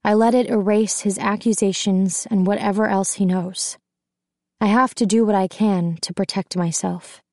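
A woman reads a first-person novel aloud with a tense, intimate delivery. Her voice is dark and mellow and sits at a middle pitch. The recording is close and dry. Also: fairly even intonation, moderate pace, no echo. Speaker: audiobook narrator.

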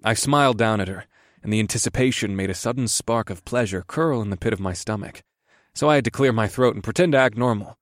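A man's voice: on the low side, quick pace, dry recording, clean studio sound. A man narrating a first-person audiobook in an amused storytelling manner.

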